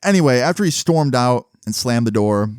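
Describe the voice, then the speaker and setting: Excitable, profane young man telling a story. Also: medium pitch, a little fast, clean tone, no echo, studio quality. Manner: animated, profane, rhetorical asides to viewers. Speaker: storytelling vlogger. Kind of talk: casual storytime monologue.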